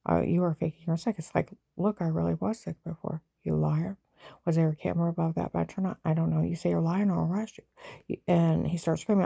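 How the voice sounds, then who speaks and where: Woman with a dark husky gravelly voice, rambling upset about what happened to her. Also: lowish voice, steady tone, brisk, no echo. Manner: agitated, rambling retelling that acts out others' lines. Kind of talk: personal spoken account.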